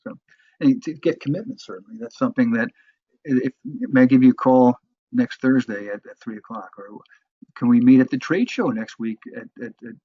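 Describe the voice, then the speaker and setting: Man, sales trainer, husky voice, halting lecture delivery, muffled dry lo-fi recording. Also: medium pitch, no echo. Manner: halting, many restarts and fillers.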